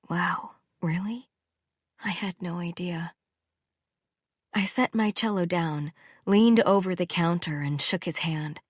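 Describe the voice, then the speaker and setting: A woman narrating a first-person romance audiobook in a measured, intimate way, close to the mic. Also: on the low side, breathy edge, dry recording.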